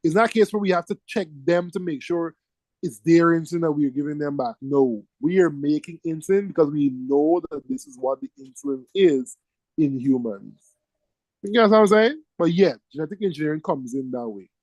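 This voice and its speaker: A male teacher giving a classroom lecture, lively and teasing, firing questions at his students. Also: on the high side, brisk, no room sound, rough recording.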